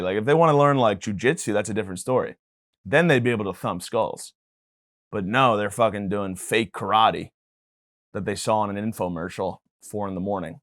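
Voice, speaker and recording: Male comedy podcaster, mid-pitched, swears and rambles, dry close sound. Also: no echo. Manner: profane, rambling, mock-indignant. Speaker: podcast host. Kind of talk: comedic monologue.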